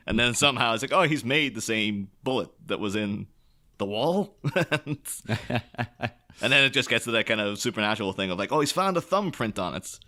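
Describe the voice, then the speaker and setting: Podcast co-host, man, lowish voice with a bright forceful edge, rambling, chuckly. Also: animated, fairly quick. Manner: rambling, laughs often, mimics characters. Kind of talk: casual film discussion.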